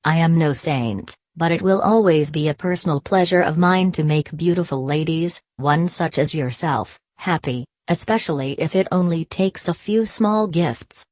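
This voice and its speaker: A woman voicing a calm, confident young male cultivator in an audiobook, speaking unhurriedly. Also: deep voice, normal speed, hardly any pauses, dry recording, clean studio sound, close to an everyday voice.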